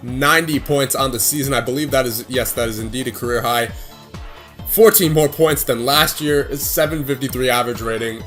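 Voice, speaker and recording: A young man giving casual, excitable play-by-play commentary over his own hockey video game, laughing along as he plays. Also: mid-range voice. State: out of breath at times. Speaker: gaming video creator.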